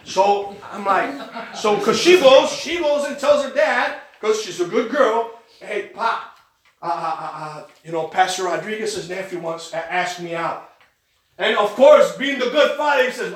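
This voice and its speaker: A man preaching a sermon, telling a personal story with animated delivery and acting out the other people's lines. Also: high-pitched, a little slow, reverberant. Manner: animated storytelling, acts out quoted voices. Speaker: pastor. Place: church.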